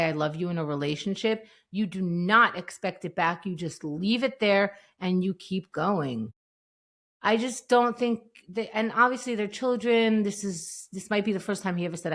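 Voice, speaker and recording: A woman co-hosting a podcast, casually recapping a TV scene and acting out the lines she quotes. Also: medium pitch. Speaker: podcast co-host.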